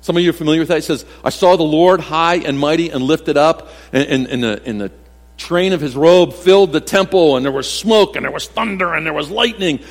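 A man's voice: a little high, fairly quick, long reverb tail. A male pastor preaching a sermon in a conversational way, with self-deprecating humor, acting out quotes from scripture and everyday life. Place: church sanctuary.

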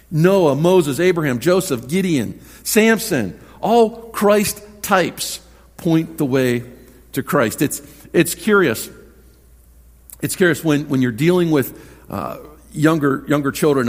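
A man preaching a sermon as pastor, earnest and conversational, often repeating words as he starts a thought. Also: on the high side. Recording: long hall reverb.

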